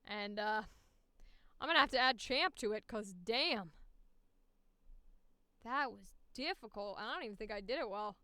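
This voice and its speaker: A woman's voice: mid-range voice, lively intonation, unhurried, long pauses, bright, forceful tone, clear, resonant tone, dry recording. A woman voice actor chatting casually through her audition session, critiquing her own takes. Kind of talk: live-streamed audition session.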